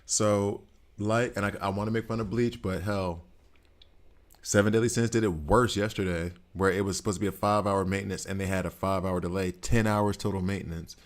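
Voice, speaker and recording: A man giving live commentary on a game he is playing, talking to the characters on screen and reacting out loud. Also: lowish voice, a little fast. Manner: excitable, talks to the game characters. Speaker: gaming streamer.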